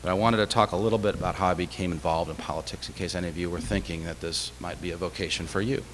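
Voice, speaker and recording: A man with a deep voice addresses a college crowd from a chapel lectern, chatty and self-deprecating, with plenty of uhs. His words ring out in a long hall reverb, and a faint background hum sits underneath. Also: fairly even intonation, racing. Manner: conversational storytelling with fillers and self-deprecating humor. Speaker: state official giving a chapel talk. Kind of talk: speech to a college audience.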